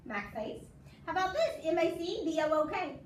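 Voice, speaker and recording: Casting: patient woman tutor, high and lively voice, recorded far off in an echoey room. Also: moderate pace. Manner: patient, coaxing, drills with call-and-response. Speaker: math teacher. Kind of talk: casual home math lesson. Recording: echoey room from far off, faint background noise.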